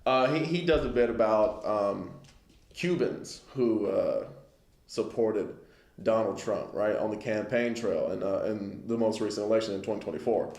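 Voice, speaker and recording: A man's voice: on the low side, normal speed, a little mellow, roomy sound. A man giving a casual lesson on the news, talking it through conversationally and often checking in with listeners. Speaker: Bible class teacher.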